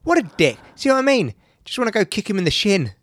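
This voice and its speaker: A man's voice: high voice, big pitch swings, fast talker, no room sound. Man, podcast host; blunt, sweary storyteller, dry close mic. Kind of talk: casual chat.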